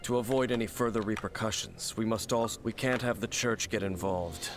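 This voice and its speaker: A man's voice: on the low side, brisk, lightly acted. A man voicing a grave, dramatic adventurer. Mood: solemn. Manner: solemn, dramatic. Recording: game audio with music.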